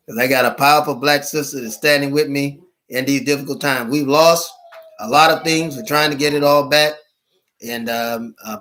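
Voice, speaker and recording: A male minister addressing his viewers in a livestream, speaking in halting, earnest appeals full of pauses, fillers and restarts. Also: mid-range voice, a bit bright. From United States.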